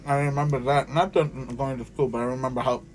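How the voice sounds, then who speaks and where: A man's voice: mid-range voice, steady tone, fairly quick, a little hiss or hum. A young man co-hosting a podcast in casual chat, speaking frankly and swearing casually. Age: young adult. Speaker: podcast co-host.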